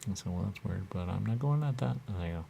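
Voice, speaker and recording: Low gravelly man in a rambling monologue. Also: animated, quick pace, warm tone, slight background noise. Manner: repetitive, rambling, repeats catchphrases. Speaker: radio show host.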